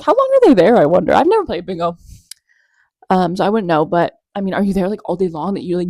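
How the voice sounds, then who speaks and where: Mellow-voiced woman gossiping on a vlog. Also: on the low side, creaky, no echo, studio quality. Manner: animated, gossipy, sarcastic asides. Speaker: commentary vlogger. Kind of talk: casual chatty commentary.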